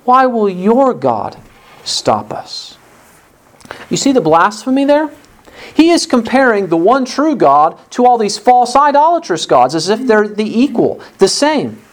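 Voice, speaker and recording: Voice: mid-range voice, big pitch swings, normal speed. A pastor preaching a sermon in an earnest, emphatic way, often repeating words to stress a point.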